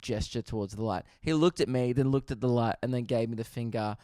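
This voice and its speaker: A young Australian man hosting a podcast, telling a comedic story with animated swearing and laughter. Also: medium pitch, a little fast, dry recording, studio quality. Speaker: podcast host.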